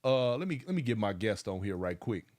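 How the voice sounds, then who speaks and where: A man's voice: on the low side, very animated, brisk, a little mellow. A man of about fifty hosting a casual livestream, fired up and preachy, calling out viewers by name. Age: around 50. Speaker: livestream host.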